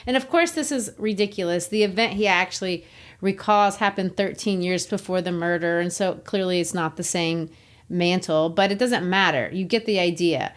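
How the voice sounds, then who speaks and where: A woman co-hosting a literature podcast, retelling scenes in an animated, storytelling way. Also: fairly low pitch, moderate pace. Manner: animated storytelling, laughs often. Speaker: podcast co-host.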